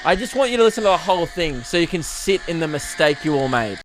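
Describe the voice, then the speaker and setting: A man's voice: fairly high pitch, sing-song, quick pace, soft background music. A man hosting a casual solo podcast, ranting with mock outrage and mimicking singers. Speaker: podcast host.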